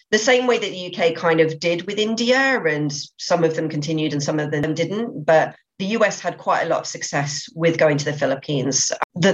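Rich: A woman speaks in a low voice as a guest on a podcast interview. She is eager and talkative, stumbling over repeated words as she goes. The audio is a little dull and lo-fi. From England. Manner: enthusiastic, many restarts and repeated words. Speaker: podcast guest, business owner.

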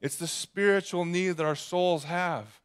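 A man's voice: high-pitched, measured pace, clear, resonant tone. Casual young male pastor preaching. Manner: conversational, jokey preaching with acted asides. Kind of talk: sermon.

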